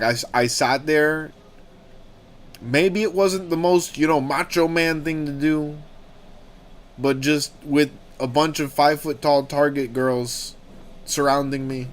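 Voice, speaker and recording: On his gaming livestream, a young male host talks casually and spins rambling, lively stories full of swearing. His voice runs on the high side, and there's slight background noise.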